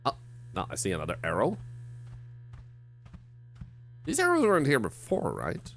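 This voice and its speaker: A man's medium-pitched, fairly bright voice swoops wildly as he speaks at a moderate pace over faint music. Streaming a horror game, he rambles casually to viewers, stammering and mocking himself.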